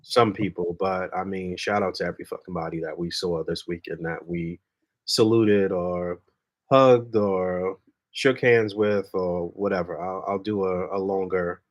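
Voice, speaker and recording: Laid-back, lower-voiced podcast host. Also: male voice, measured pace, dull audio. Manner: relaxed, laid-back, swears freely, trailing fillers. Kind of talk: casual chat.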